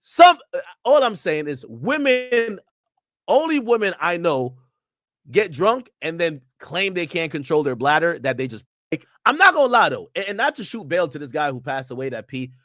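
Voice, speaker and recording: Animated young man streamer, bright voice. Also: a little high, moderate pace, no echo, studio quality. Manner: animated, slangy, joking. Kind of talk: casual reaction commentary.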